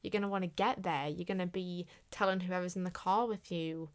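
Woman, young adult, podcast host, earnest, repetitive, lowish voice, dry close recording. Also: fairly even intonation, fairly quick, no room sound. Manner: earnest, repeats points for emphasis. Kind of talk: casual solo podcast talk.

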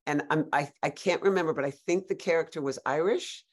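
A woman actor as a podcast guest, telling lively stories in a casual, animated way with frequent restarts. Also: sits low, fairly quick. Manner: animated storyteller, many restarts and laughs.

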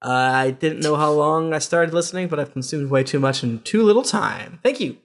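Guy on a podcast reading out listener reviews, bit higher voice, jokey asides. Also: animated. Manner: reads reviews aloud with quick asides and laughs. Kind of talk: casual podcast chat.

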